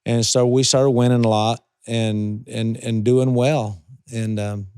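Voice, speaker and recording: A man's voice: medium pitch, little pitch movement, slow, darkish tone, clean tone, no room sound, clean studio sound. An older man from California, a retired racing driver, telling long rambling stories as an interview guest. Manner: rambling anecdotes with many restarts. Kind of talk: storytelling in a casual interview.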